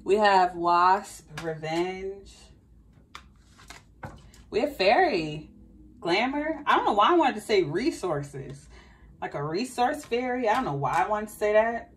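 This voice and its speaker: A woman's voice: medium pitch, sing-song, normal speed, recorded from a distance, a little hiss or hum. Chatty woman with a slight Southern accent. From Southern United States. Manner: chatty, thinking aloud, repeats questions to spirit. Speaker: tarot reader. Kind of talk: casual tarot reading monologue.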